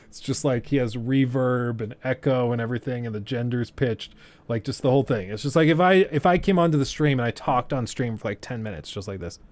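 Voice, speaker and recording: A man's voice: medium pitch, fairly quick, darkish tone, dry recording. A man chatting casually on a live stream, rambling loosely and slipping into impressions of others.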